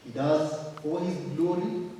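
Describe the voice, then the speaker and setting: Male preacher, measured and emphatic, slightly high voice, roomy far-off sound with faint ambience. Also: mellow, a little hiss or hum. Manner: slow, emphatic, repeats phrases for weight. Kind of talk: sermon. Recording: distant mic in an echoey hall.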